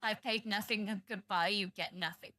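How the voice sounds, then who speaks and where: A woman's voice: medium pitch, steady tone, moderate pace, pushed and bright, no echo. A young British woman streaming live, chatting to viewers in a blunt, profane, rambling way and sounding tired. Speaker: livestreamer.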